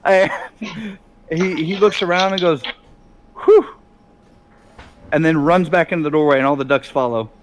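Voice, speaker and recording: A man runs a tabletop role-play game as its game master, narrating scenes on the fly and breaking into laughter often. His voice sits a little high for a man. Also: slight background noise. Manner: laughing often, quick improvised storytelling.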